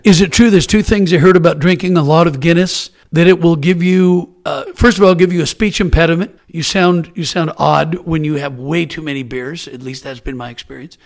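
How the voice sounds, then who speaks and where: An older man hosts a podcast in a relaxed, chatty way, with a friendly storytelling manner. His voice sits a little high and has a gravelly edge. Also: fairly quick, hardly any pauses. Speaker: podcast host. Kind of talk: casual podcast chat.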